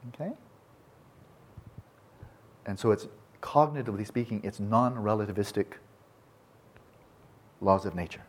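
Husky-voiced man giving an enthusiastic lecture. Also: fairly low pitch, a little slow, pauses often. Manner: digressive, restarts mid-sentence, enthusiastic. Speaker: speaker on Buddhism and science. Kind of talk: informal lecture.

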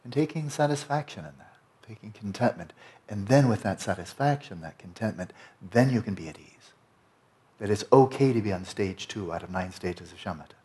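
Man, meditation teacher, retreat talk, conversational, slightly low pitch. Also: animated, a little fast, darkish tone. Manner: conversational, frequent "you know" and "right?".

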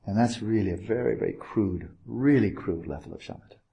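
Male meditation teacher, low mellow voice, gentle and playful, unhurried retreat talk. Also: creaky. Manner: gentle, playful, with pauses and asides.

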